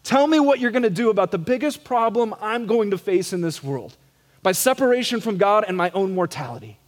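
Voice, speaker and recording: Middle-aged male pastor, high voice, relaxed conversational sermon with a self-deprecating edge, church live stream with long reverb. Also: fairly quick. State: some gray hair. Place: church sanctuary.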